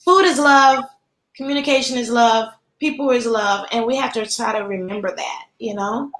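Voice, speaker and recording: A woman's voice: fairly high pitch, normal speed, a bit bright. A woman in her fifties, a pastry chef guest, talking heartfelt and casual with many fillers over a video call. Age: 50s. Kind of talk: casual interview chat. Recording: echoey room.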